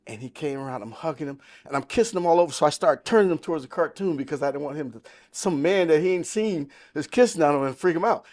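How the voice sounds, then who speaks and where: Fast-talking and expressive, a man in his sixties with a fairly high, darkish voice barely stops for breath. He's a podcast guest sharing his life testimony casually, with emphatic storytelling and quotes from the people in it.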